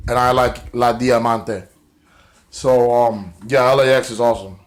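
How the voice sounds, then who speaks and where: A man's voice: medium pitch, fairly even intonation, unhurried. A man recapping a wrestling show in a rambling, casual way, full of fillers and swearing.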